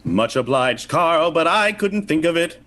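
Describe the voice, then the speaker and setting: A man's voice: on the high side, animated, measured pace, sharp tone. A man reading a lead part with joking asides in a comedy table read of an old radio play.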